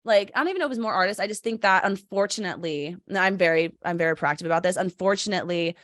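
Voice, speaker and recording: A woman's voice: fairly low pitch, racing, fairly bright tone, dry recording, clean studio sound. A woman in her twenties hosting a casual podcast, chatty and swearing freely as she acts out quotes. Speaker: podcast host.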